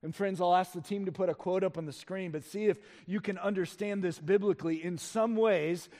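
A man preaching a sermon as pastor, moving between loud emphatic passages and hushed, low ones. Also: fairly even intonation, brisk.

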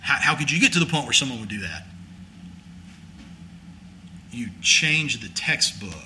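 A man's voice: medium pitch, expressive, unhurried, pushed and bright, slight background noise. A man preaching a sermon in a folksy, conversational storytelling way, rising to emphatic preaching. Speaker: pastor.

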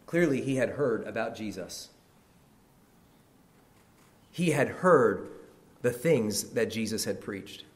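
A man preaching a sermon, telling a story with lively energy and calling his listeners brethren. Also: on the low side, echoey room.

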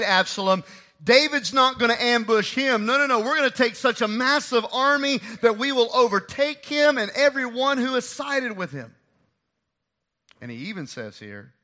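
A man preaching a sermon to his church, swinging from loud emphasis to hushed asides. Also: on the high side. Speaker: pastor.

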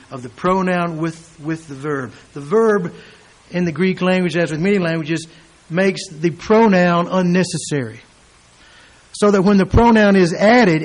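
A man preaching an expository sermon, reading scripture aloud and building to loud, emphatic peaks when he quotes it. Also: high voice.

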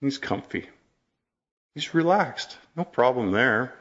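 A man's voice: medium pitch, slow pace, dull audio. A man preaching a sermon, telling stories and asking rhetorical questions. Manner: storytelling, animated, rhetorical questions.

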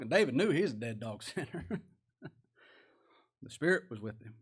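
A man's voice: mid-range voice, expressive, moderate pace, long pauses, breathy edge. Folksy preacher man, emphatic. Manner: folksy, chuckling, rising to loud emphatic bursts. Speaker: pastor. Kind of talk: sermon.

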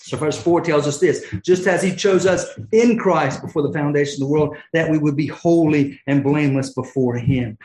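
A man's voice: a little high, normal speed, few pauses, darkish tone. Fervent preacher man in an echoey room. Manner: fervent, rising to exclamations and dropping to near-whispers. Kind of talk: sermon.

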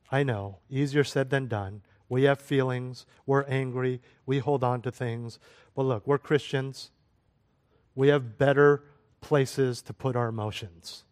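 A middle-aged male pastor preaching a sermon to his congregation, swinging from loud exhortation to soft, quiet prayer. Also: medium pitch.

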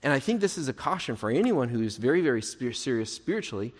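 A male pastor preaching a sermon in an earnest way, moving between emphatic and hushed delivery. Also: medium pitch, very animated, fast talker. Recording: long hall reverb.

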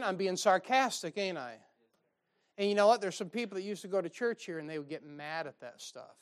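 Pastor, man, joking sarcastic pulpit delivery. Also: high voice. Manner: joking, sarcastic preaching with frequent laughs. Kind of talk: sermon.

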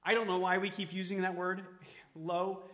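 A man preaching a sermon as pastor, emphatic, then dropping to soft tones for quoted words of comfort. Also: high voice, little pitch movement, normal speed, in a large hall. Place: church sanctuary.

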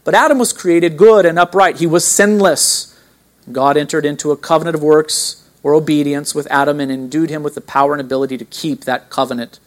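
A man preaching a sermon as pastor, emphatic, asking the listeners questions and slowing down to stress key words. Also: fairly high pitch, steady tone.

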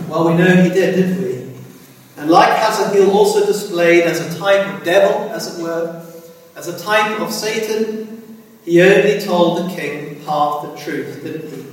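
A man's voice: high-pitched, expressive, measured pace. A man preaching a sermon in a church, earnestly appealing to his listeners with repeated tag questions. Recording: echoey hall from far off.

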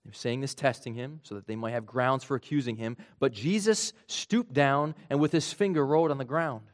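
A man preaching a sermon in an earnest way, his voice rising for emphasis and then dropping low and quiet. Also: normal speed. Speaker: pastor.

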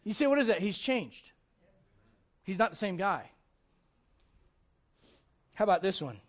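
A male pastor preaching a sermon, animated and humorous, with laughing asides and acted-out quotes. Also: high voice, takes it slowly.

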